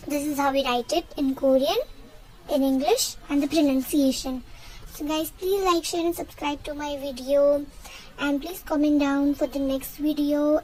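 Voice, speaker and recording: A young girl giving a casual home lesson on basic words, speaking slowly and repeating each word for practice. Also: high voice, fairly even intonation, poor audio. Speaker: language teacher.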